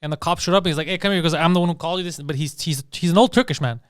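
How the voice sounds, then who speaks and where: A man co-hosting a comedy podcast, bantering and telling stories in an excitable, profane way. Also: fairly high pitch, very fast, smooth, no room sound, clean studio sound. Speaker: podcast co-host. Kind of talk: casual comedy podcast chat.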